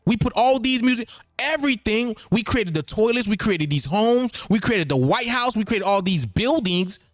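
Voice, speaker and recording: Animated high-voiced man, lively ramble. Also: moderate pace, no room sound, clean studio sound, soft background music. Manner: animated, rambling, repeats phrases. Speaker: host. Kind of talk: freewheeling spoken commentary.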